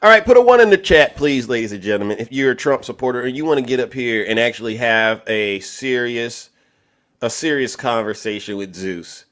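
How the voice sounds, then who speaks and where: A man hosting a live online debate stream, teasing his guest theatrically and swinging from loud outbursts to hushed asides. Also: mid-range voice, lively intonation, a little fast. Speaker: livestream debate host. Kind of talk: animated mocking commentary.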